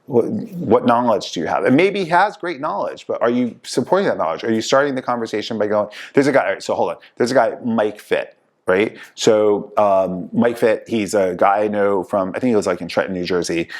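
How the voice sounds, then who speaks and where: A man hosting a casual talk show, telling lively stories and acting out the people he quotes. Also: lowish voice, a little fast. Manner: animated storyteller, acts out quoted people. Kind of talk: casual chat.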